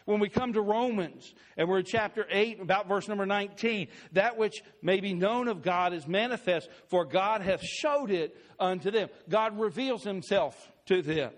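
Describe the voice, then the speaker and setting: High-voiced man preaching. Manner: preaching with slow emphatic scripture readings. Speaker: pastor. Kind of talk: sermon.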